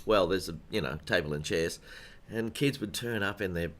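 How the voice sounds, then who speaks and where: A man's voice: low voice, moderate pace, a little hiss or hum. A man hosting a casual live-stream piano lesson, chatty and rambling, greeting viewers by name and still sleepy from just waking up.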